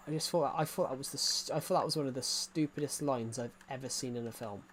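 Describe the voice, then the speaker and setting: A man's voice: medium pitch, quick pace, few pauses, a bit bright, a little hiss or hum. A young man with an English accent chatting casually on a game stream, rambling with many restarts and fillers. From England. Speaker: gaming streamer. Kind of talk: casual live-stream chat.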